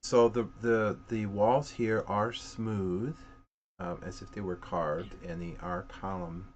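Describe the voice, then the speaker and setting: A man narrating as game master in a relaxed, descriptive way. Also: lowish voice, takes it slowly, lo-fi sound, slight background noise.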